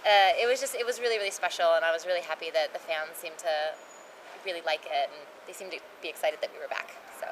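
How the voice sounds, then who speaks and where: A woman voice actress chatting casually as an interview guest, lively and quick, jumping to high-pitched bursts when she acts out quotes. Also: a little hiss or hum, poor audio. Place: convention venue.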